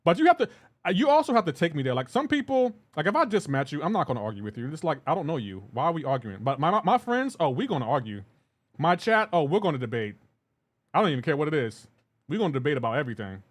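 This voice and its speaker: A man's voice: fairly high pitch, very animated, quick pace. Chatty man streaming a game live. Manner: rambling, laid-back, laughs often, talks to chat by name. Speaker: livestreaming gamer. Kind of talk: casual chat with live viewers while gaming.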